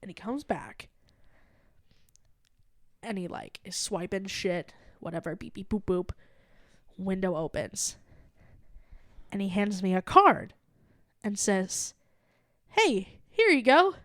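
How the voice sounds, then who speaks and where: A young adult woman co-hosting a podcast, telling an animated story in casual chat and acting out the quoted lines. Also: medium pitch, takes it slowly, long pauses, no room sound, studio quality. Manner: animated, acts out quoted dialogue. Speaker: podcast co-host.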